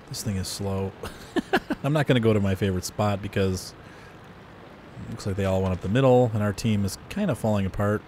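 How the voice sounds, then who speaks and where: A man giving casual gameplay commentary in a relaxed, chuckling manner. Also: fairly low pitch, normal speed, pauses often, a little hiss or hum. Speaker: game commentator.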